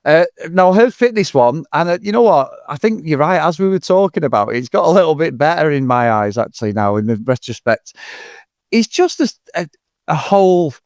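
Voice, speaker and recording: A man's voice: on the high side, expressive, brisk, darkish tone, no room sound, studio quality. A man in his forties, co-hosting a casual film review chat, rambling, swearing and laughing a lot. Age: 40s. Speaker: podcast co-host.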